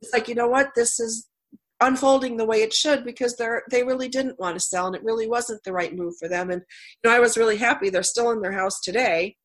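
A middle-aged woman hosts a radio talk show while nursing a slight cold. She tells stories in a chatty way and laughs often. Her voice sits a little higher than most women's. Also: steady tone, a little fast. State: has a cold. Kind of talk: casual interview chat.

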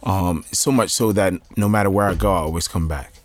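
Deep-voiced male guest from Jersey City, relaxed and chatty. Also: fairly quick. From Jersey City, USA. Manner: easygoing, storytelling, many fillers. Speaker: guest, mayoral candidate. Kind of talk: casual interview chat. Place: recording studio.

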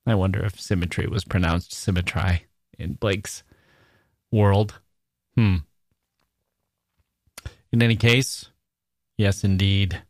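A man's voice: low voice, fairly even intonation, slow pace, long pauses, no room sound, studio quality. A man hosting a literary podcast, talking with enthusiasm about a poem and reading lines aloud with emphasis. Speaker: podcast host.

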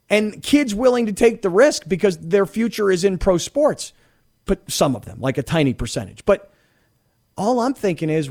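A high-pitched middle-aged man hosts a studio sports talk radio show. He talks in an animated, rambling way, performing the voices of those he quotes.

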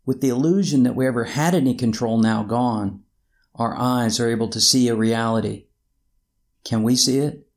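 A man's voice: medium pitch, gravelly. A man preaching a reflective sermon and asking his listeners rhetorical questions.

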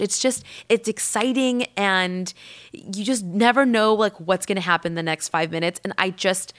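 A woman podcast host telling a rambling personal story in casual chat, with lots of "like" and lively acted-out quotes. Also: on the low side, vocal fry. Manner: chatty and rambling, heavy use of "like"; lively, acts out quoted people.

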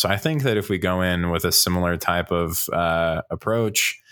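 A man's voice: low voice, fairly bright tone. A man on a casual podcast panel, chatting in a rambling, self-interrupting way and laughing often. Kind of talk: casual chat.

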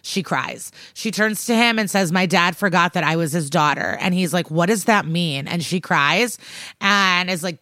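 A woman's voice: lowish voice, fairly bright tone, no echo. A woman co-hosting a podcast, retelling a TV episode in casual chat and quoting the characters as she goes. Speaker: podcast co-host.

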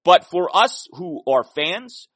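Male sports podcast host, fairly high voice, ranting with emphasis, dry close mic. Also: big pitch swings, takes it slowly, fairly bright tone, dry recording. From Washington DC area. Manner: emphatic, repeats points for emphasis. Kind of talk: opinionated sports podcast monologue.

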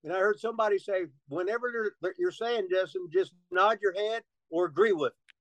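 A man's voice: sits high, a little fast, fairly bright tone, dry recording, low-quality recording. A man telling rambling, profane stories as a guest in a casual interview, laughing often.

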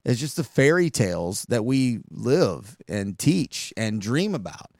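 Podcast host, man, gravelly voice, dry close sound, chatty rambling storyteller. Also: medium pitch, very animated, unhurried, a little mellow, dry recording. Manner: rambling, conversational, frequent asides. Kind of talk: casual storytelling monologue.

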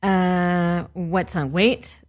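A woman in her forties co-hosts a relaxed podcast, her voice sitting a little low. She chats freely, laughs easily and often trails off mid-thought before picking the point back up. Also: drawn-out words. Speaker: podcast co-host. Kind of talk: casual chat.

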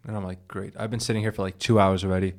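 A man telling a long story on a podcast, rambling and animated, quoting what others said, with many restarts and stumbles. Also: deep voice, racing. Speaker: podcast guest. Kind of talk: casual storytelling.

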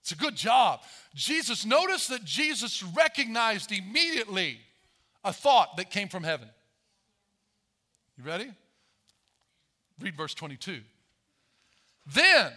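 A man preaching a sermon as pastor, animated, acting out Bible voices as he tells the story. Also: high-pitched.

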